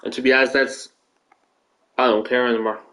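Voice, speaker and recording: A man's voice: medium pitch, little pitch movement, a little fast, pushed and bright, rough recording. An Irish man streaming games and ranting casually, rambling, swearing often and restarting his sentences. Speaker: gaming streamer.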